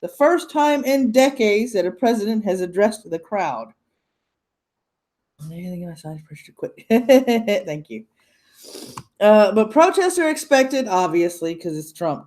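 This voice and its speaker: A woman's voice: mid-range voice, animated, unhurried, darkish tone. A woman hosting a casual news commentary livestream from home, chatty and sarcastic, talking into her computer's webcam mic. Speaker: host.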